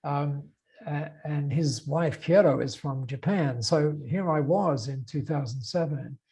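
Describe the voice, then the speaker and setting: Gravelly older Australian man telling a story. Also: fairly high pitch, measured pace, rough recording. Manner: animated storyteller, acts out quoted dialogue, frequent uh and restarts. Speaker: podcast guest. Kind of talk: storytelling interview.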